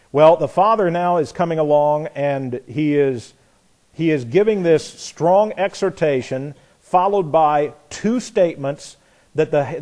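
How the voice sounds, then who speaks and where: Male pastor, sermon delivery, somewhat high voice with wide swings in pitch. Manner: animated preaching with storytelling and rhetorical questions.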